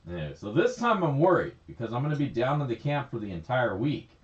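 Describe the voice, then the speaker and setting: A man's voice: mid-range voice, sing-song, fast. A man chatting casually on a livestream, rambling, laughing often and swearing freely. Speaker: livestream host. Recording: echoey, slightly dull stream audio.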